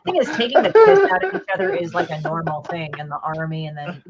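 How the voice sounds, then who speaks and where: Casual talker, muffled, crowd clearly behind. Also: medium pitch, huge pitch swings, fast talker. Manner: loose, filler-heavy, swears casually. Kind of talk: casual chat.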